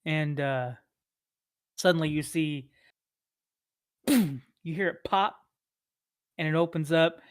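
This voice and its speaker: Male game master, slow, rambling narration with fillers and chuckles. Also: a little high, a little hiss or hum.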